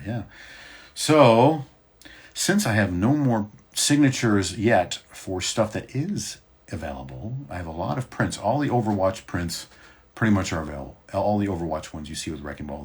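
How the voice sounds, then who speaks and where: Deep, husky man in his fifties chatting. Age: 50s. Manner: relaxed, rambling, many fillers. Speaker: voice actor hosting a fan Q&A. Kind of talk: casual livestream chat.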